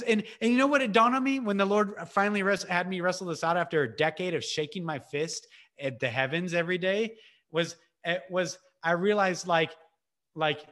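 A man's voice: high-pitched, fairly quick. Earnest man giving an emotional testimony. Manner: earnest and emotional, swinging between raised urgency and hushed intensity; casual, with filler words and restarts. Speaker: ministry speaker. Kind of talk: impassioned personal testimony. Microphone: video call.

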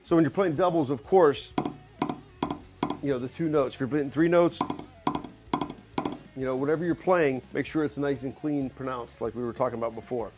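A man's voice: mid-range voice, moderate pace, pauses often, music in the background. A middle-aged man giving a drum clinic in a recording studio, talking loosely and casually with lots of "you know" fillers.

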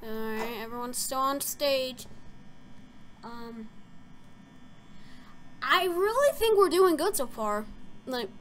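A young woman chatting her way through a game, her high voice bright and bouncing all over the place. She rambles with plenty of fillers and startles easily, with a faint hiss of noise under the recording. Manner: jumpy, easily startled, frequent gasps and squeals; rambling, filler-heavy talk. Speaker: gaming video creator. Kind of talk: casual let's-play commentary.

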